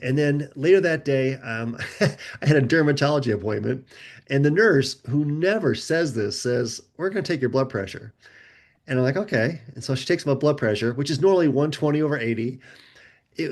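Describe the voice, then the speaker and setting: Male podcast guest. Conversational storyteller who acts out quoted dialogue. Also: medium pitch. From United States. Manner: animated, acts out quoted voices. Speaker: guest author.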